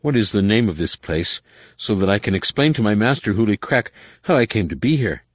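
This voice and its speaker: A man's voice: fairly low pitch, animated, fairly quick, no room sound, voice pushed up. A groveling male alien spy pleads and wails in a raised, swooping voice, as a male audiobook narrator puts him on. He plays at abject humility, begging pardon over and over. The sound is dry and close. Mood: wailing. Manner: wailing, self-abasing.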